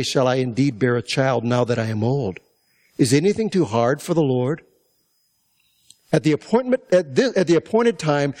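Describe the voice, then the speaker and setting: Man preaching, fairly high voice, conversational Bible teaching, rhetorical questions. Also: darkish tone. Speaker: pastor. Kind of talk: sermon.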